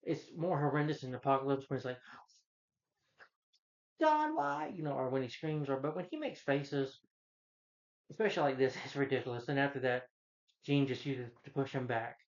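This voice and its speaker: Male film reviewer, casual rambling rant, fillers and exasperation, average pitch, muffled lo-fi sound. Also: steady tone, a little fast. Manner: rambling, full of "you know" fillers, exasperated.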